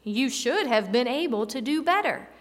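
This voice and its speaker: A woman's voice: sits high, lively intonation, normal speed. A woman voicing a male teacher who questions a follower's doubt in a searching, reproving way. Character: teacher man gently questioning a disciple's doubt. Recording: long hall reverb.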